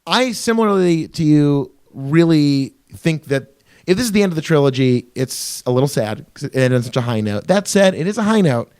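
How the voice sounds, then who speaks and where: Man, podcast co-host, casual comedic chat, profane, jokey, fairly high voice. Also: expressive, moderate pace, darkish tone, clean tone. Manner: jokey, profane, breaks into silly bits.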